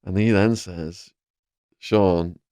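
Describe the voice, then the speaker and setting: A man with an English accent, a podcast host telling his own stories in a vivid, animated way. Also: fairly low pitch, brisk, clean tone, no echo. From England. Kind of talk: storytelling in a conversation.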